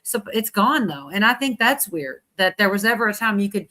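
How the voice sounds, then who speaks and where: A woman's voice: mid-range voice, expressive, a little fast, bright, forceful tone. A woman hosting a livestream, talking casually in a rambling, chatty way and laughing often. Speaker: livestream host. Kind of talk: casual chat.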